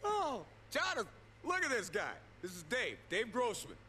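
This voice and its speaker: A brash, crude biker gang boss. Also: male voice, very high-pitched, wildly swooping pitch, normal speed, a loud crowd, exaggerated voice. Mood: mocking. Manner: crude, swaggering, preachy. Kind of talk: video game cutscene acting.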